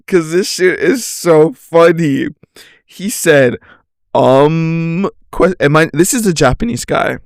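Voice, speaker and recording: A man's voice: mid-range voice, gravelly, no echo, clean studio sound. A young man casually telling a rambling story on his podcast, swearing, laughing and saying "like" a lot. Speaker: podcast host.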